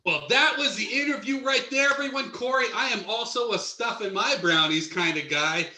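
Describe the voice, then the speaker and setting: A man in an online improv show, talking quickly and teasingly. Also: very high-pitched, sharp tone, reverberant. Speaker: improv performer. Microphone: video call.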